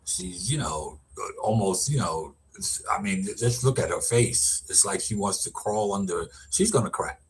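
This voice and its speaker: A middle-aged man with a husky, somewhat low voice talks slowly and emphatically. He rambles in casual commentary, restarting and repeating his words as he goes. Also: animated. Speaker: vlogger, educator.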